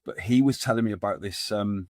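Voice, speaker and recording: A middle-aged podcast guest who started a men's support group shares stories in a loose, rambling way, often restarting and using fillers. He speaks fairly quickly in a lowish voice, captured in clean studio sound without room noise.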